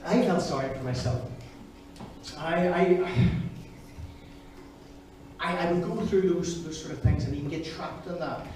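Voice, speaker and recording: A man's voice: fairly high pitch, a little slow, long pauses, a little mellow. A man preaching a sermon, earnest and personal, speaking straight to the congregation. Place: church hall. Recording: echoey hall, distant mic, noisy.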